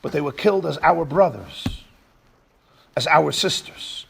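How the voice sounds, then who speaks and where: A man's voice: on the high side, unhurried, gravelly, husky. A man, a rabbi, giving an earnest, emphatic memorial sermon with rhetorical questions at a community hall.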